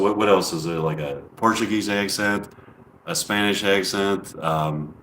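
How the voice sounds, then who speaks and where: Quiet, rambling man in an echoey room. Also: fairly low pitch. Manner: quiet, halting, filler-heavy musing. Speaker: comedy livestream host. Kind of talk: casual rambling chat. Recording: roomy echo.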